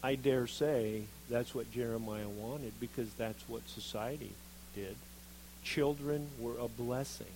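A man preaching a sermon, reading scripture and acting out the quoted speakers with lively expression. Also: medium pitch, a little slow, a little hiss or hum, poor audio. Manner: animated, acts out quoted voices of Jeremiah and God.

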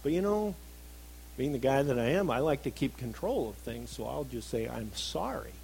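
A middle-aged man preaching a sermon, earnest, moving between emphatic stresses and soft, reflective passages. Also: medium pitch, animated, normal speed, a little hiss or hum, rough recording.

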